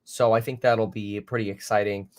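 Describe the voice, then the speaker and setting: A man's voice: on the low side, flat delivery, moderate pace, dry recording, clean studio sound. A man hosting a live market commentary stream, talking off the cuff with many fillers and self-corrections as he reacts to headlines and viewer comments. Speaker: finance livestream host.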